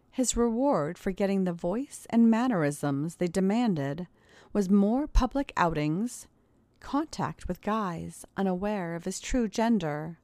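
Female storyteller, mid pitch, measured reading, dry close mic. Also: a little mellow, no echo. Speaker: story narrator. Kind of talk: erotic story narration.

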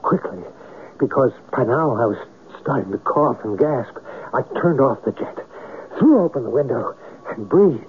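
An actor playing a writer who narrates his own tale in a radio drama, measured and wry. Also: mid-range voice, expressive, close to an everyday voice. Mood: narrating. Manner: measured storytelling, wry and evasive in talk. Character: middle-aged writer telling his own story. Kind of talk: 1970s radio drama acting. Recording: lo-fi old radio broadcast with faint hiss.

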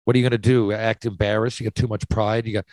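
A man's voice: fairly low pitch, flat delivery, quick pace, darkish tone, no room sound, poor audio. A man hosting a casual chat, posing hypothetical questions with lots of restarts and swearing. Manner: rambling, restarts, profane. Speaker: podcast host.

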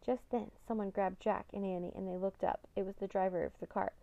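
A woman reads an audiobook in a calm, steady manner, her voice gravelly with a touch of fry. Her tone is mellow and darkish, and the recording sounds dull and lo-fi. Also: mid-range voice, brisk. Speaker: narrator. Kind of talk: audiobook narration.

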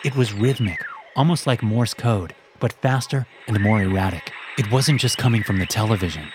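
A man narrating a horror story in a steady storytelling voice. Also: on the low side, moderate pace, background noise. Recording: loud background music.

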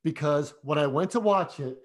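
A man with a somewhat high voice chats casually as a podcast co-host. He talks in an animated way and keeps stumbling into restarts as his thoughts run ahead of him. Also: normal speed. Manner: animated, chatty, frequent restarts. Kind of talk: casual film discussion.

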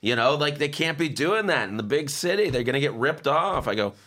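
A man hosting a podcast in casual chat, telling relaxed stories and breaking into quick laughs. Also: fairly high pitch. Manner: relaxed storytelling, quick laughs, put-on voices in quotes. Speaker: podcast host.

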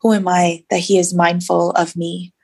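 A woman's voice: lowish voice, little pitch movement, moderate pace, gravelly, a little mellow, slightly rough. A woman guest in an interview, sharing her personal faith story in an earnest, reflective way with many fillers.

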